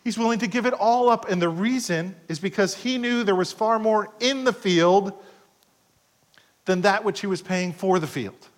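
A middle-aged pastor preaching a sermon, swinging between loud passages and hushed asides and acting out quoted voices. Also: male voice, high-pitched, normal speed. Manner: acts out quoted voices in short skits.

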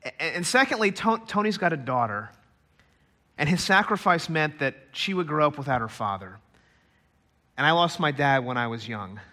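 A man preaching a sermon to a church congregation, emphatic and building to loud climaxes. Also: a little high, expressive, moderate pace. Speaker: pastor. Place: church stage.

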